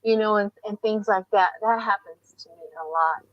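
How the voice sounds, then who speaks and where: A woman's voice: medium pitch, normal speed, dry recording, dull audio. Older woman telling stories on a live stream. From United States. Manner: animated storyteller, acts out voices. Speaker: tarot reader host. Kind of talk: casual live-stream chat.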